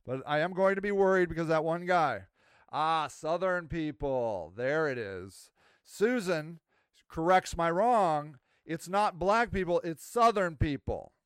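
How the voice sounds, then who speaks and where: A man's voice: fairly high pitch, expressive, unhurried, smooth, no echo, studio quality. A man hosting a podcast, talking in a casual, rambling, self-mocking monologue. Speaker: podcast host.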